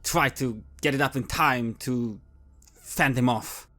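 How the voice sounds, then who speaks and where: A man's voice: medium pitch, slow pace, fairly bright tone. A man playing in a tabletop game, stating his character's actions plainly. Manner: plain, decisive statements of action. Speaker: player.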